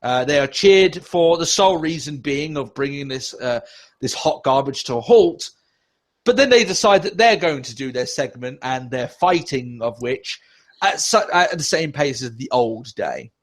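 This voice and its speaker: A man's voice: medium pitch, animated, moderate pace. A man co-hosting a casual podcast, ranting with lots of swearing and sarcasm. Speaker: podcast co-host.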